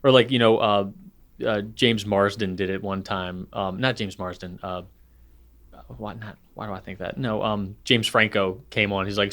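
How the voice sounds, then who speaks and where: A man's voice: fairly low pitch, fairly even intonation, normal speed, fairly bright tone. A man co-hosting a podcast, chatting casually and telling a story with enthusiasm. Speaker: podcast co-host. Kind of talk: casual chat.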